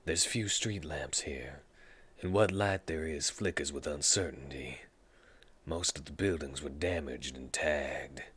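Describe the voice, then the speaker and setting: A young man playing a video game, reacting with excited outbursts and reading the scene text aloud in a low, hushed voice. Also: measured pace, slightly rough. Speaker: let's play gamer.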